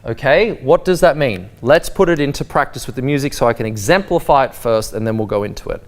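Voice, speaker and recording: A man's voice: mid-range voice, animated, fast talker. A man teaching a waltz lesson, explaining timing and counting beats aloud with a sing-song lilt. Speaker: dance teacher. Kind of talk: spoken dance lesson. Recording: faint waltz music behind. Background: waltz music.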